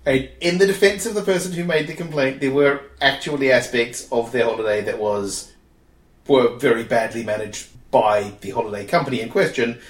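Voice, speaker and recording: A man's voice: medium pitch, brisk. A man with a New Zealand accent hosting a casual podcast chat, reading out listener ideas with a wry, dry humour. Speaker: podcast host. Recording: roomy echo.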